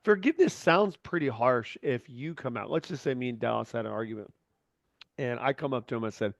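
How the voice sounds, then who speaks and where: A man's voice: mid-range voice, lively intonation, a little fast, gravelly, no room sound, highs cut off. A man hosting a podcast in casual chat, talking in a candid, rambling way with frequent restarts and free swearing. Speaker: podcast host.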